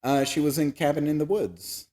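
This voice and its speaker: A man's voice: fairly high pitch, moderate pace, a little mellow. Wry, chuckling man co-hosting a podcast. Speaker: podcast co-host. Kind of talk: casual movie review chat.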